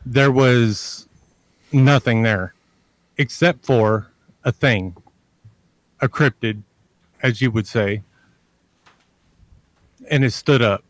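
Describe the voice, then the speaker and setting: A man's voice: medium pitch, slow, long pauses, no room sound. A man telling a long personal story as a podcast guest. He rambles, repeats himself and curses freely. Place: lives near a large army base in Texas.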